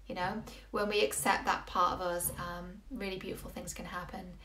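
A woman's voice: lowish voice, flat delivery, moderate pace, sharp tone. A woman, coaching viewers earnestly and asking many rhetorical questions. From England. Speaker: relationship coach. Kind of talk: motivational video talk. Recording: roomy echo.

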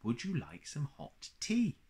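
A man voicing a polite, measured old owl in a storybook. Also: on the high side, wildly swooping pitch, mellow, voice pushed up.

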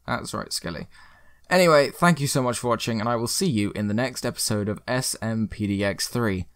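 A man's voice: mid-range voice, a little fast, clean tone, dry recording. Young man, gameplay commentary, chatty and upbeat, dry close-mic sound. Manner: chatty and upbeat, with some rambling. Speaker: gaming video host.

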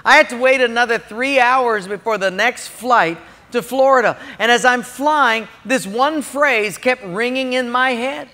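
A male pastor preaching a sermon, telling stories in an animated way and speaking directly to listeners. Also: very high-pitched, unhurried, hardly any pauses. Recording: long hall reverb.

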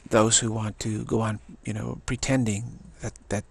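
A man in his sixties giving a rambling spiritual talk as a teacher, halting and often repeating words and restarting his sentences. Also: on the low side, flat delivery, creaky, slightly rough. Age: 60s.

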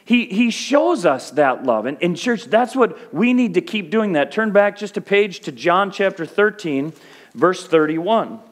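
A man's voice: high-pitched, very animated, measured pace. A middle-aged male pastor preaching a sermon in a conversational way that rises to fervent peaks.

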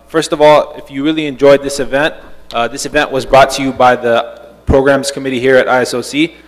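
A man making event announcements in a casual way, with many fillers. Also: medium pitch. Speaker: event organizer. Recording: echoey hall.

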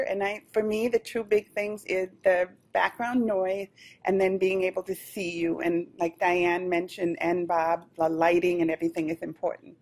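Woman panelist, mid-pitched, unhurried, thoughtful delivery with frequent pauses. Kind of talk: panel discussion remarks. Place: training event room.

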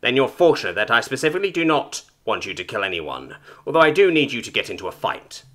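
A man's voice: mid-range voice, sing-song, fast talker, bright, forceful tone. A man voicing a haughty, cold female alien information broker in a storybook reading, with clipped, formal, disdainful speech. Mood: weary, haughty.

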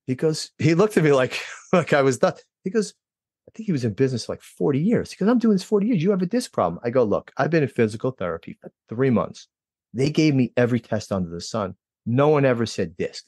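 A man from New Jersey tells a story from his own life to an interviewer. His voice sits in the middle register and comes across lively as he acts out other people's lines. The sound is close and dry, with no room echo. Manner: lively, acts out quoted dialogue with pitch jumps. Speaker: interview guest. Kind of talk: personal storytelling.

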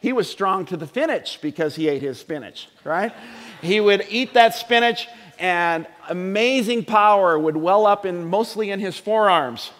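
A man's voice: high-pitched, a little slow, a bit bright. A middle-aged man preaching a sermon in a church, talking conversationally and joking with the congregation. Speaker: pastor. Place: church sanctuary. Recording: long hall reverb.

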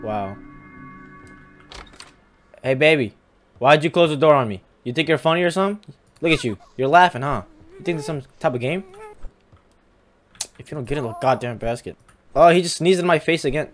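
A man's voice: mid-range voice, lively intonation, normal speed, long pauses, slight background noise. A young man giving casual game commentary, teasing and talking back to the characters on screen. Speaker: gamer.

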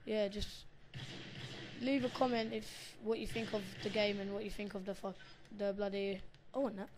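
A woman giving live gameplay commentary, excitable and swearing as she shouts at the game. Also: mid-range voice, normal speed, noisy background. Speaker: gamer recording her match.

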